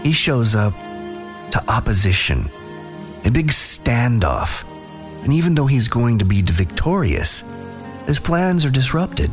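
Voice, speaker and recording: A man giving a sermon, retelling a Bible story in a relaxed, conversational way with casual slang. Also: medium pitch, a little slow, pauses often, over music. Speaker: pastor.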